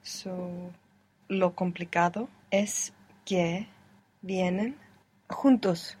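A woman's voice: fairly low pitch, steady tone, extremely slow, a little mellow, husky. A woman student in a language lesson, answering tentatively and thinking aloud.

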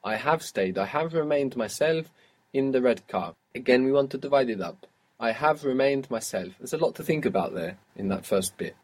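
Speaking at a normal speed with lively intonation, a man with a mid-range voice teaches a guided audio language lesson. He patiently asks the student short questions, waits for each answer, then praises it and moves on.

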